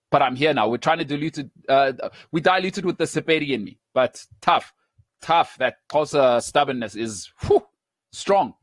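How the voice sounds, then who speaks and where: Opinionated South African sports host. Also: male voice, on the high side, brisk, dry recording. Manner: animated, chatty, digressive, laughs at himself.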